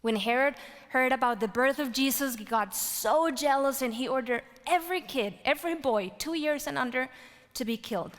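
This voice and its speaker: A woman delivers a sermon in a bright, high voice, telling stories with lively energy. She climbs to loud exclamations and drops to hushed whispers. Her words ring out with a long reverb, as in a large hall. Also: normal speed. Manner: animated storytelling, rising to loud exclaims and dropping to whispers. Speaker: preacher.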